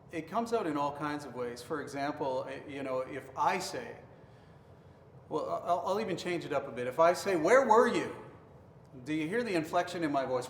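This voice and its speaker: Earnest man teaching in an echoey hall. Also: a little high. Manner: earnest, acts out accusing tones. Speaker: pastor. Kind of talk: marriage devotional teaching. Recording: roomy reverberant hall, faint noise.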